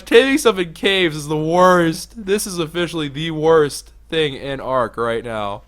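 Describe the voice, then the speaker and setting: A young man giving casual let's play commentary as a gaming YouTuber, swinging from low mutters to loud excited outbursts. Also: measured pace, few pauses.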